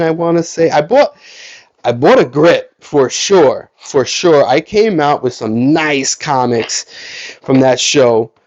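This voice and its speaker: A man's voice: a little high, lo-fi sound. Rambling man telling a collecting story. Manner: rambling, self-correcting, animated quoting of others. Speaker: card collecting channel host. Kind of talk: casual storytelling vlog.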